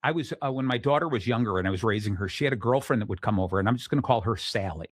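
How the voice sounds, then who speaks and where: Energetic male show host. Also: on the low side, rapid-fire, slightly rough, no room sound, studio quality. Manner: energetic storytelling, many restarts. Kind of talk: casual chat.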